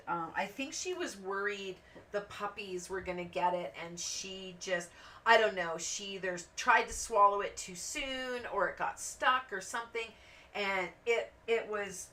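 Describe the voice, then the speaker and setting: A woman hosting a craft channel, chatting and telling rambling stories while she colors, acting out the voices of the people in them. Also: medium pitch. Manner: rambling, animated anecdotes with acted-out quotes. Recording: voice a bit distant from the mic, faint background noise.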